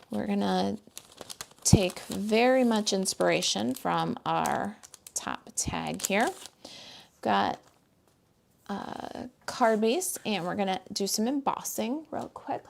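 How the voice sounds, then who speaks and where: With slight background noise in the clip, a woman from the United States speaks in a mid-range voice marked by vocal fry. She demonstrates card stamping live from her home craft desk, chatting warmly with viewers and her dog as she goes.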